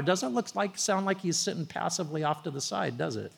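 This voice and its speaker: High-voiced man preaching in an echoing hall. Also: lively intonation, a little fast, vocal fry, few pauses, husky. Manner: conversational storytelling preacher, rising emphasis on key phrases. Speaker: pastor. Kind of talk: sermon.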